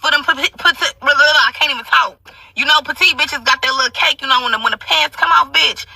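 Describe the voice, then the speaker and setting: Brash, sharp-voiced young woman storyteller. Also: high-pitched, fast talker, creaky, dry recording, recorded from a distance, poor audio. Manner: brash, profane, gossipy storytelling with constant asides to listeners. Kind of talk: casual storytime monologue.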